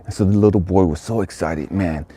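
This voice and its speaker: A man's voice: low-pitched, quick pace, warm tone, husky. A man telling a motivational story, emphatic and fond of repeating phrases for effect. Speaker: motivational speaker.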